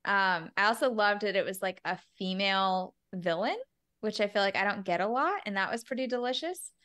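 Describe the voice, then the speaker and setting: A woman's voice: medium pitch, animated, a little fast, a bit bright. Enthusiastic, stumbling female co-host. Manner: enthusiastic, stumbles and repeats words. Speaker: podcast co-host. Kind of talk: casual podcast chat.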